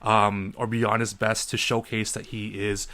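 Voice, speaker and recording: A man in his thirties co-hosting a casual podcast, an animated storyteller who acts out the people in his stories. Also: on the low side, unhurried. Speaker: podcast co-host.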